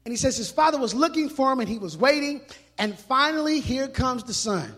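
A male pastor preaching a sermon in a church, animated and emphatic, mixing in casual street slang. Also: very high voice, brisk. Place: church hall. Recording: long reverb of a large hall.

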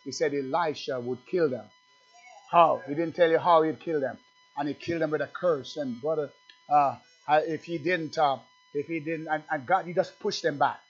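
A man preaching a sermon, emphatic and fervent, swinging from loud bursts to low conversational asides and quizzing his congregation. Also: normal speed, faint music behind. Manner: asks the congregation questions. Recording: dull lo-fi church recording.

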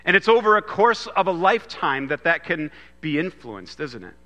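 A man's voice: fairly high pitch, big pitch swings, normal speed, pushed and bright. A man preaching a sermon on a Father's Day morning, in a loose, conversational way with frequent restarts. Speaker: pastor. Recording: long hall reverb.

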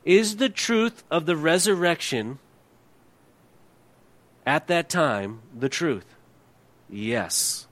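Preaching a sermon, a middle-aged pastor poses rhetorical questions to the congregation and often sinks into a hushed, low voice to press a point. He is expressive, draws out words and pauses often, on a dry recording.

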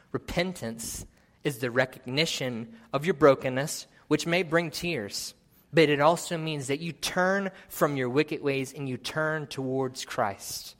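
A man's voice: medium pitch, unhurried, a bit bright. A man preaching a sermon, earnest and exhorting, reading scripture aloud. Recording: long hall reverb.

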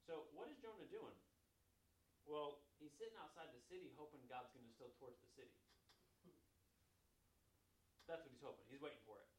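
Male Bible teacher, casual and animated, recorded far off in a reverberant room with faint ambience. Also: a little high, quick pace, a little hiss or hum. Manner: conversational, animated, acts out quotes. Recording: echoey room, mic at a distance.

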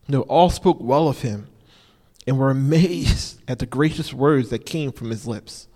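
A man's voice: mid-range voice, a little slow, a little mellow. A man preaching an informal sermon, repeating key phrases for emphasis and often saying "you know". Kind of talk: conversational sermon. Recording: long reverb of a large hall.

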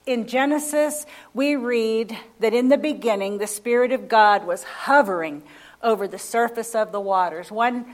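A woman with a slightly high voice preaches a sermon. She speaks slowly and emphatically, repeating key phrases and putting questions to the congregation.

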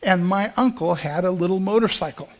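A man's voice: sits high, a little fast. A man in his fifties preaching a sermon, telling a personal story in an earnest, conversational way with frequent restarts.

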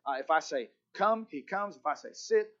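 A man voicing an old male pastor who teaches patiently in a gentle, measured way. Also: fairly high pitch, expressive, muffled recording. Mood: calm teaching.

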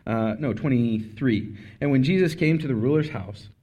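A man's voice: mid-range voice, moderate pace, mellow, husky. Man giving a casual sermon. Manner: conversational, with asides and self-corrections. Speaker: speaker.

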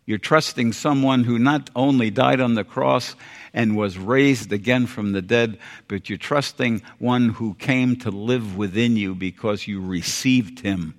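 An older American man preaching a sermon, earnest and folksy, repeating phrases and dropping suddenly quiet for emphasis. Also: mid-range voice, unhurried. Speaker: pastor. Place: church sanctuary. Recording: long hall reverb.

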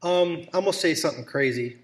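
A man's voice: on the high side, quick pace. Thoughtful man on a faith talk show.

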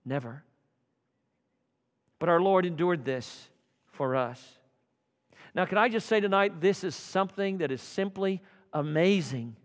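A man preaching an evening church sermon, swinging from loud fervent calls to hushed quiet passages. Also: high-pitched, expressive, normal speed, long reverb tail. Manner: dramatic swings from loud fervor to hushed tones. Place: church sanctuary.

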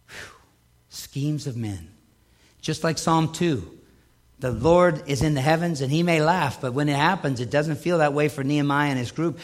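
A man's voice: a little high, moderate pace. A man preaching a sermon, emphatic and driving home points with repetition.

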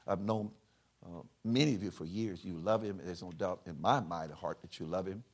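A man preaching a sermon, leading a call-and-response prayer and swinging from hushed tones to shouted peaks. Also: moderate pace. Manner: swings from quiet intimate lows to shouted soaring highs. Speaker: pastor. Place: large church hall.

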